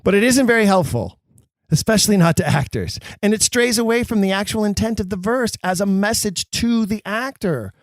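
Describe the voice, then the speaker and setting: A man's voice: high-pitched, animated, a little fast, no room sound, clean studio sound. A man hosting a podcast, explaining verse to actors in an emphatic way with wry, self-mocking asides. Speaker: podcast host. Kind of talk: explanatory talk on Shakespeare for actors.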